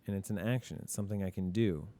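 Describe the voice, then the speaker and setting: A man's voice: low voice, fast talker, mellow. A male teacher talking through grammar examples in a casual lesson, asking and answering his own questions. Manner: casual, admits mistakes openly.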